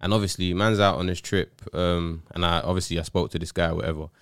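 A man's voice: low-pitched, fairly even intonation, fast, smooth, no room sound, studio quality. A young man, hosting a casual podcast chat and telling stories in laid-back slang. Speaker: podcast host.

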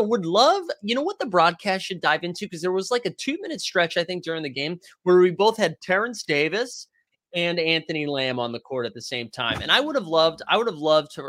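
Male sports stream host, slightly high, dry close mic, rambling and animated, casual profanity. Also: dry recording. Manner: animated, rambling, swears freely. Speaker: podcast host reading chat. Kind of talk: casual sports talk livestream.

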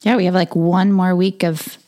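A woman's voice: fairly low pitch, flat delivery, normal speed, a little mellow. A woman co-hosting a marriage podcast, chatting casually, laughing often and interrupting herself. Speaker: podcast co-host. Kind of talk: casual chat.

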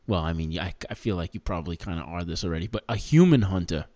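A man's voice: deep voice, fast talker, warm tone. A man co-hosting a podcast in casual, jokey, rambling chat, laughing often. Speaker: podcast co-host.

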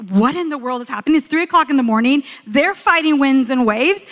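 A woman in her thirties, a guest speaker giving a sermon, telling stories expressively and lifting her voice for emphasis. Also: high-pitched. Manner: storytelling, expressive, rising for emphasis. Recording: long hall reverb.

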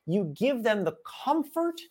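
A man's voice: extremely high pitch, very animated, unhurried, a little mellow. A man, a guest author, telling a story in a casual chat with lots of energy, repeating and restarting words.

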